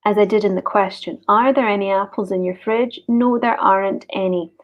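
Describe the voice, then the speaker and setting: A woman teaching an online grammar lesson, slowly repeating each example sentence. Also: medium pitch, steady tone. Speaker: English teacher. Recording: dull lo-fi recording.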